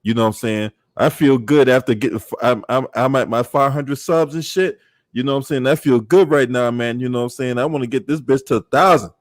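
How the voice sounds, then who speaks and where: A man livestreaming in casual chat, swearing freely, laughing often and shouting out viewers. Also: mid-range voice, brisk, no room sound, clean studio sound.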